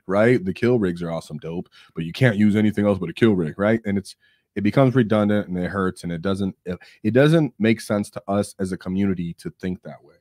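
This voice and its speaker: Young male stream host, low-pitched, energetic and opinionated, dry close mic. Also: brisk, dry recording. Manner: energetic, opinionated, hypes things up and acts out quotes. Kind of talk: casual live-stream chat about tabletop gaming.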